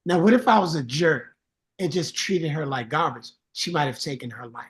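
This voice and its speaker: Earnest, higher-voiced male songwriter guest. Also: moderate pace. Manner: earnest storytelling, animated when mimicking greetings. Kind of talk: casual interview chat.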